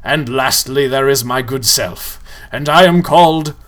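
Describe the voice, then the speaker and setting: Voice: mid-range voice, unhurried, fairly bright tone, close to an everyday voice. A reader voicing a tall, gleeful male ghoul who speaks in a grand, mock-courteous manner.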